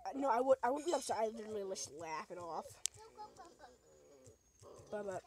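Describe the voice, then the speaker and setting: Goofy young woman gaming, rather high voice. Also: lively intonation, a little fast, pauses often, a little mellow. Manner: goofy, talks to the game, shrieks when in danger. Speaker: gamer. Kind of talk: casual let's play commentary.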